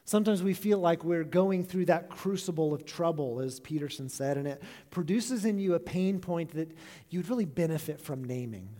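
A man preaching with an earnest, reflective tone, his voice sitting a little high for a man. He lets phrase endings fall soft and quiet. The sound carries a long echo from a large hall. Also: moderate pace. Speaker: pastor. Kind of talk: sermon.

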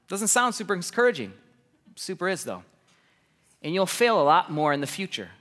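A man in his thirties preaches with an energetic, animated delivery, his voice sitting a little high and ringing bright and forceful. He tells stories in bursts, repeating words and laughing along the way, and a long reverb trails behind him in the hall. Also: moderate pace, pauses often. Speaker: pastor. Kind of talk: sermon.

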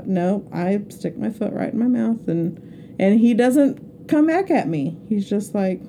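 A woman's voice: mid-range voice, lively intonation, a little slow, creaky, warm tone, slight background noise. A middle-aged woman co-hosting a podcast, chatting casually and laughing at herself. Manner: chatty, laughing, self-mocking. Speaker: podcast co-host.

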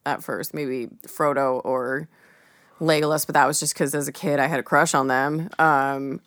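A woman with a very low voice joins a film podcast as a guest and talks about favorites with enthusiasm. The sound is dry and close. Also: fairly even intonation, normal speed, a bit bright, dry recording. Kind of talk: casual film chat.

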